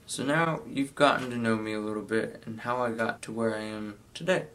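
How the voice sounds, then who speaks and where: A man's voice: fairly low pitch, brisk, a bit bright, rough recording. Teenage boy telling his story over music. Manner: candid, reflective, shifts into playful voices. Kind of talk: personal storytelling. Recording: music playing underneath.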